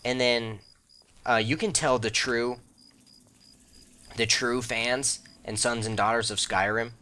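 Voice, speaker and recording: A man's voice: steady tone, takes it slowly, bright, forceful tone. A young man hosting a let's play, chatting casually over gameplay in a rambling, self-interrupting way. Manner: breaks into squeaky high mock voices.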